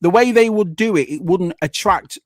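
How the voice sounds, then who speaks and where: A man's voice: high-pitched, moderate pace, no echo, clean studio sound. A man co-hosting a casual livestream chat, chatty and full of questions for his co-host. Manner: chatty, asks lots of questions. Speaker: co-host of a toy collectors livestream.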